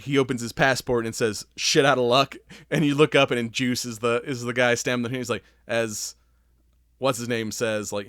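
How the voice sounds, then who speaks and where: A man's voice: mid-range voice, a bit bright, no echo. A man hosting a casual podcast chat, rambling through a plot recap with frequent laughter and swearing. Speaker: podcast host.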